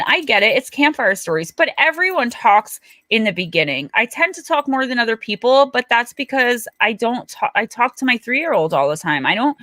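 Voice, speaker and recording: Middle-aged New woman, livestream host, bright tone, dry close sound, chatty and quick to laugh. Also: fairly high pitch, no room sound. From Paterson, New Jersey. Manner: chatty, animated storyteller who laughs often. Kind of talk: casual livestream chat.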